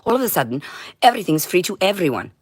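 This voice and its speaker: A woman streaming a rambling monologue, intense and profane, swinging between shouting and muttering. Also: on the low side, sing-song, fast, breathy edge, dry recording, clean studio sound. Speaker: livestreamer.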